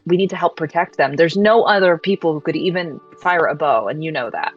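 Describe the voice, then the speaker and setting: A woman voicing an earnest young archer who speaks in a hesitant, halting way. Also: low voice, husky, dull audio, faint music behind.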